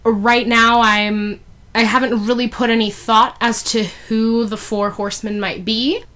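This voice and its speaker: A woman's voice: fairly high pitch, level tone, a little slow, fairly bright tone. Chatty woman reviewer, casual recap, filler-heavy, giggly asides. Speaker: fan fiction reviewer.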